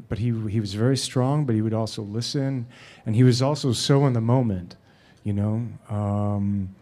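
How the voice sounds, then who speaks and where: Halting, laughing man telling stories. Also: fairly low pitch, warm tone. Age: 40s. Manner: halting, many fillers and restarts. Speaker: actor and director, guest. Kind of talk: anecdotal Q&A answers. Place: stage event with audience.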